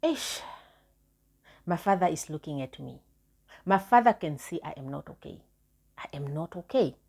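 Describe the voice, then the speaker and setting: A woman's voice: sits low, expressive, moderate pace, gravelly, warm tone, slightly rough. A woman vlogger candidly telling a personal story, repeating herself for emphasis.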